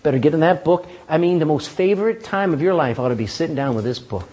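Husky-voiced man preaching a folksy sermon. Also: a little high, fast, hardly any pauses, a little mellow. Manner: folksy, emphatic preaching with asides to the congregation. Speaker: pastor. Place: church.

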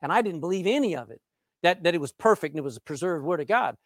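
A man from Texas, preaching an emphatic sermon with dramatic pauses and drawn-out words. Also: fairly high pitch, animated, dry recording, studio quality.

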